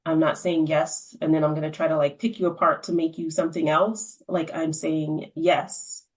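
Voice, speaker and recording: Low-voiced woman hosting a podcast. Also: level tone, normal speed, poor audio. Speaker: podcast host. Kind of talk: casual interview chat.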